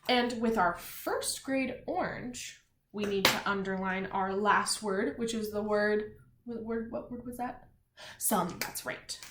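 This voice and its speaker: Woman teacher, children's lesson, very slow and gentle, echoey room, faint background noise. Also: mid-range voice. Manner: slow, gentle classroom instruction with spelled-out letters. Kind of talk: children's lesson, slow spelling and reading aloud.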